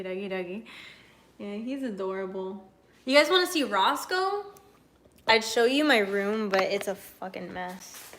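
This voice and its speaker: Young woman, casual streamer chat, a bit high-pitched, laughs a lot, swears freely, at home. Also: slight background noise. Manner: loose, laughing, swears casually, talks to her dogs. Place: her home.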